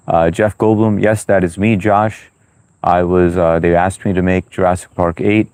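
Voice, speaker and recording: Low-voiced man hosting a casual livestream. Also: steady tone, moderate pace, darkish tone, clear, resonant tone, dry recording. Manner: chatty and loose, with frequent "uh" and "you know". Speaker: livestream host. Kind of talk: casual livestream chat, reading viewer comments aloud.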